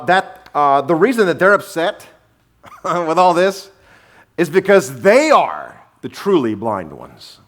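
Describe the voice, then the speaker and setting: A male pastor delivers a sermon with a lively, swooping delivery and a voice pitched slightly high. He retells the story with humor and sarcastic asides. He acts out the lines of each character as he goes. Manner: animated storytelling, acting out quotes with shifting voices.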